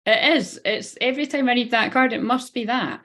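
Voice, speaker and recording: A woman's voice: on the high side, brisk, fairly bright tone. A woman in her thirties giving a live-streamed card reading, rambling, swearing casually and talking straight to her viewers. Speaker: spiritual reader.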